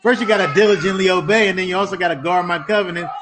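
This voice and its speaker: A man's voice: high-pitched, steady tone, fast, hardly any pauses, noisy background. A man teaching a Bible study to a small group, talking conversationally and repeating words as he builds emphasis.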